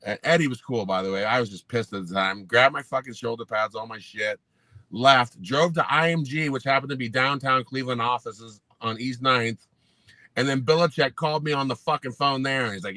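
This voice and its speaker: Man, fifties, bright voice, dry close sound, blunt, profane, animated storyteller. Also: mid-range voice, fairly quick, dry recording. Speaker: podcast co-host, former pro football player.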